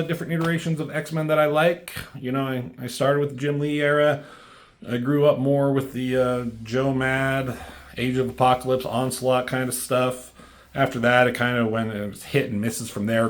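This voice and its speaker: A man casually recapping and reviewing a comic book, loose and profane, reading out the characters' lines in a slightly raised voice. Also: mid-range voice.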